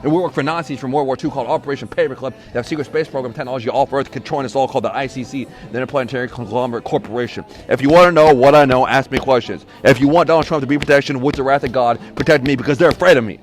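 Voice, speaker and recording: Fast-talking angry man ranting. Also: medium pitch. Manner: angry, profane, accusatory; shouting bursts. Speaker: podcaster. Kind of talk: solo rant.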